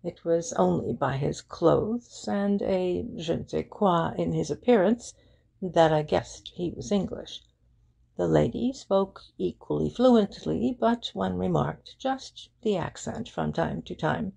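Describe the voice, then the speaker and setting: A woman's voice: fairly low pitch, slow pace, exaggerated voice. A woman voicing an eager young shop girl who chats readily and slips into phrases. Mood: eager, helpful. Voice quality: gravelly, husky. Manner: lively, helpful, sprinkles French phrases.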